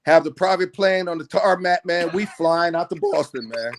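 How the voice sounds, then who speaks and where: Producer guest, slightly high voice, easygoing storyteller, keeps saying man. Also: moderate pace. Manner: laid-back, says "man" constantly, animated retelling. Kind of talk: casual storytelling interview.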